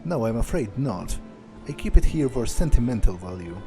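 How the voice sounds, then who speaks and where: A man voicing a grieving widow who talks softly and sentimentally. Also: medium pitch, sing-song, normal speed, music in the background. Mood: sad. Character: grieving widowed lady of the house.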